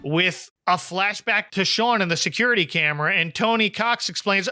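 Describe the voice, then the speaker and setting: A male podcast host with a high, bright voice recaps a TV episode, chatty and laughing easily. He is recorded close and dry, with no room sound. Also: normal speed, smooth, dry recording, soft background music. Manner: chatty, laughs often, quotes the scenes.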